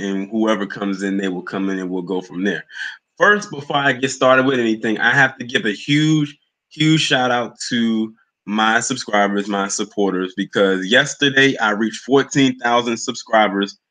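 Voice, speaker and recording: A man's voice: mid-range voice, sharp tone, rough recording. A young man hosting a livestream, chatting loosely and greeting commenters by name. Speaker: livestream host. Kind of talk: casual live chat with viewers.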